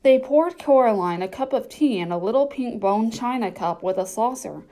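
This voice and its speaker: A woman narrating a children's novel audiobook at a measured storytelling pace. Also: fairly high pitch, animated, dark tone.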